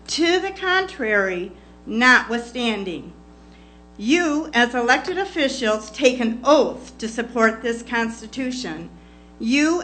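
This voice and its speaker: A woman at a county board meeting giving public comment in a deliberate, formal way, reading text aloud. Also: on the high side, bright, forceful tone. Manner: slow, deliberate, formal recitation.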